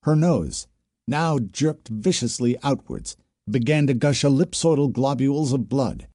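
A man narrates in a measured, even way, with a dark and mellow timbre. His voice sits at a mid pitch and is recorded dry and close to the mic. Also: no echo. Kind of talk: audiobook narration.

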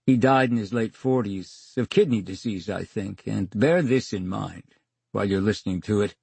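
A man's voice: fairly low pitch, moderate pace, vocal fry, darkish tone, slightly rough, no room sound. An older man telling stories as a guest in a radio interview, acting out the dialogue with dry wit. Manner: theatrical storyteller, acts out dialogue, wry. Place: radio studio.

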